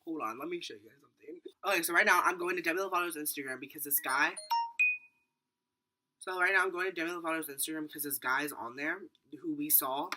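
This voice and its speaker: A man's voice: fairly high pitch, fast, a little hiss or hum. A teenage boy telling a rambling storytime vlog, full of fillers and acted-out quotes. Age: teens. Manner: rambling, filler-heavy, animated retelling. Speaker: vlogger.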